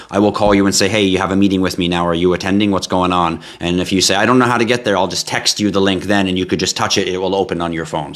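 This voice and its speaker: Low-pitched male livestream host, tired, relaxed and chatty, answering viewer questions off the cuff. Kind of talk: casual live Q&A.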